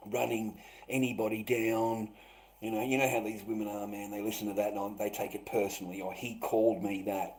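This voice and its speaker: A man hosting a live stream, rambling and swearing, who swings between loud outbursts and low muttering. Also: low-quality recording. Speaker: livestream host.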